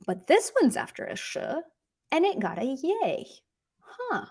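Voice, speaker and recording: A woman's voice: high-pitched, huge pitch swings, measured pace, darkish tone. A woman teaching a Russian grammar lesson, upbeat and teasing as she quizzes her viewers and reads out example phrases. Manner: upbeat, teasing quiz prompts, switches between English and careful Russian.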